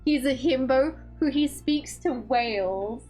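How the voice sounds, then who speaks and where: A woman game streamer chats casually and reads game dialogue aloud, giggly and playful. Her voice sits a little high and gets excitable. Faint music plays behind her. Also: takes it slowly.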